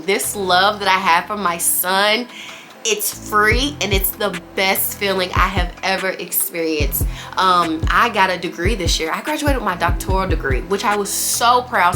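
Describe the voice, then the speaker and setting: A young woman, a new mother, chatting candidly to camera about parenting in a casual vlog. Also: mid-range voice. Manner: chatty and candid, says y'all, girl and you guys often. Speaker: vlogger. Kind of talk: casual sit-down chat to camera.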